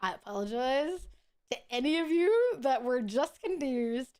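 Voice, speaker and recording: A woman streaming a horror game and joking with friends on a call, swearing freely and laughing loudly. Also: sits high, very animated, unhurried, smooth. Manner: profane, joking, loud laughs. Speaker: VTuber streamer. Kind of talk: casual gaming stream chat.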